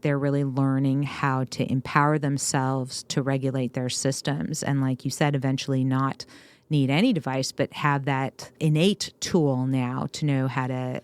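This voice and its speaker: A woman's voice: very deep voice, clear, resonant tone. A middle-aged woman co-hosting a parenting podcast, affirming her partner and explaining ideas in a casual, encouraging way. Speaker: podcast co-host, doctor. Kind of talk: casual parenting advice chat.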